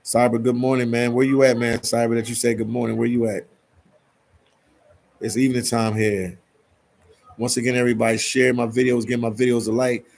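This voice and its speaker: Speaking a little fast yet with long pauses, this Philadelphia man reads comments from viewers on a laid-back live stream, regularly tacking on "man." His medium-pitched voice is flat, creaky, and a little mellow.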